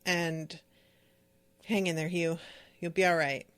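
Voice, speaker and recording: A woman podcast host chatting about a book she is reading. She talks slowly, with a somewhat low voice. Her manner is candid and emotional, and she rambles with lots of fillers. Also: level tone, a bit bright. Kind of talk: casual book-discussion chat.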